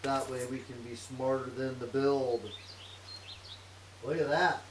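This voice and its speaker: A man's voice: medium pitch, fairly even intonation, measured pace. A man streaming a modded block game in virtual reality, talking casually to himself about his plans and humming tunelessly while he works. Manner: chatty, hums tunelessly to himself while working. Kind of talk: casual let's-play commentary. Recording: roomy, distant mic with clear noise.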